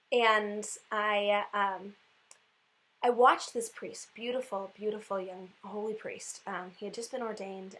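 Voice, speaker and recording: A woman giving a casual spiritual reflection on her vlog, animated and chatty, with lots of "like" fillers. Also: medium pitch, rough recording. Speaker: Catholic speaker and vlogger.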